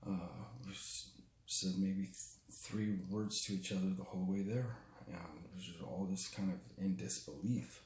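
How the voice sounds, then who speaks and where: Low-voiced man telling a painful story. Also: steady tone, a little mellow, reverberant. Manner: halting and raw, with frequent restarts and profanity. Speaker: storyteller recounting his father's death. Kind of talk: personal spoken testimony.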